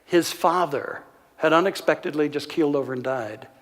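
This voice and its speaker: Earnest man preaching in a reverberant church. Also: a little high. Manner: earnest, measured storytelling with frequent "uh" pauses. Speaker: minister. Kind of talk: sermon, telling a counseling story. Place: church sanctuary.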